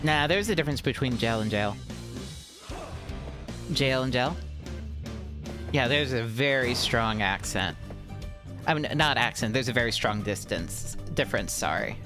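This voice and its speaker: A woman streamer with a Mid-Atlantic accent and a hint of Baltimore in her vowels chats loosely while she plays. Her pitch swings widely from line to line as she rambles through answers to chat, with game music playing underneath. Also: animated, normal speed. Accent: Mid-Atlantic American with a touch of Baltimore. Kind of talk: casual live-stream chat while gaming.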